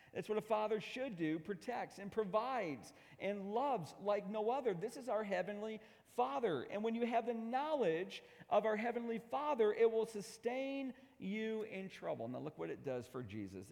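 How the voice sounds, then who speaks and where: A middle-aged man preaching a sermon as pastor, emphatic, swinging between loud declarations and hushed asides. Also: sits high, gravelly. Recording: long hall reverb.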